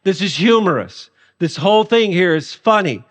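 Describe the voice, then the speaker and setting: A man pastor preaching a sermon in a humorous, animated manner. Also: high voice, normal speed, few pauses, big-room sound.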